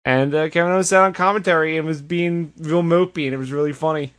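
Podcast guy recapping stuff, kinda high voice, sarcastic and animated. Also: fast talker. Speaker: podcast host. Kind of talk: casual wrestling recap chat.

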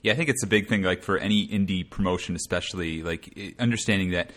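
A man co-hosting a casual podcast, talking in a relaxed, rambling way. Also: low voice, quick pace. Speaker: podcast co-host.

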